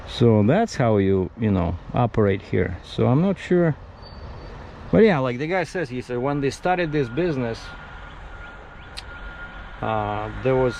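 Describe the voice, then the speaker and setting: A man's voice: medium pitch, warm tone, slight background noise, low-quality recording. A man who drives trucks, chatting casually in a vlog while parked outdoors. He rambles, restarts his sentences and jumps from topic to topic. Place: outdoors at a truck parking area.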